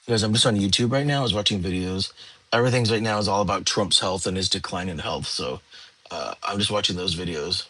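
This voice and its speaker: A tired young man, hosting a relaxed livestream and chatting with viewers from home. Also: low voice, fast, husky. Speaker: livestream host. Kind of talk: casual livestream chat. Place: home, lying down.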